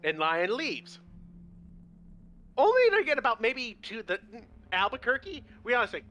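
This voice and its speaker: A man casually retelling fantasy lore to friends, animated and profane, acting out the characters' lines. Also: high voice, normal speed, a little hiss or hum. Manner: animated, profane, acts out quotes. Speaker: lore presenter on a miniature painting show.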